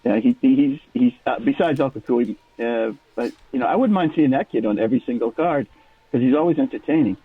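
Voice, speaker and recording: A man's voice: mid-range voice, fairly quick, husky, dry recording. Boston guy on a tinny phone line. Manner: self-deprecating, talkative, lots of restarts. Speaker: radio show caller. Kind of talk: casual chat.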